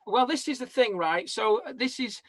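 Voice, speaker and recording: A man's voice: very high-pitched, moderate pace, a bit bright, no room sound. A man in his forties, a comedian guest on a video call, rambling animatedly through self-mocking stories. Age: 40s. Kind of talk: casual chat.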